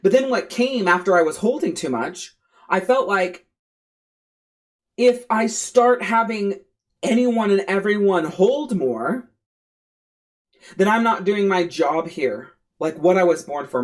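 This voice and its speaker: A woman's voice: mid-range voice, expressive, slow. A woman coach speaks in a candid podcast monologue. She is blunt and swears freely. Her talk is loose and conversational, full of "you know" and "right", and she stacks repeated phrases to drive a point home. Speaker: life coach and podcast host.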